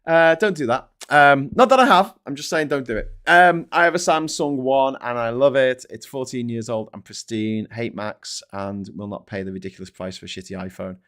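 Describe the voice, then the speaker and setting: A man's voice: mid-range voice, normal speed, hardly any pauses, a bit bright, clean tone. A middle-aged British man hosting a casual live stream, rambling, swearing often and mocking himself as he reads comments and papers. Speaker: host.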